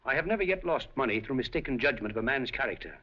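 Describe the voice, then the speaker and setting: A man's voice: mid-range voice, lively intonation, quick pace, close to an everyday voice. A man playing a suave, scheming casino operator in a 1930s film, urbane, dryly amused and coolly threatening. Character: suave scheming male casino operator, older, smooth and commanding. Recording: dull old film soundtrack.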